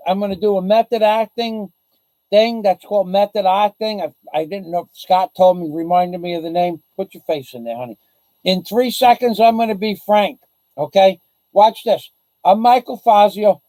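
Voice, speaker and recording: A man's voice: high-pitched, normal speed, mellow, no echo, poor audio. A man hosting a casual livestream, talking bluntly and boastfully in a rambling way. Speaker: livestream host. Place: the Philippines.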